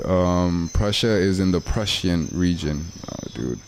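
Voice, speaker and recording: A man's voice: low-pitched, expressive, measured pace, slight background noise. A young man, chatting casually and rambling in slang while livestreaming a game. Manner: slangy, rambling, laid-back. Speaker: streamer.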